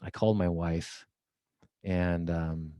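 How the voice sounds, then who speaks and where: A man's voice: low voice, slow pace, clean tone, dry recording. A middle-aged man, a podcast guest, telling a story and acting out the dialogue from it. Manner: lively storyteller, acts out quoted dialogue. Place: office at company headquarters.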